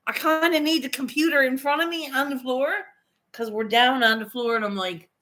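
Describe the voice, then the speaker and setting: A woman streaming live entertains viewers with a funny tale, giggly, foul-mouthed and animated throughout this casual chat. Her high-pitched voice moves fairly quickly.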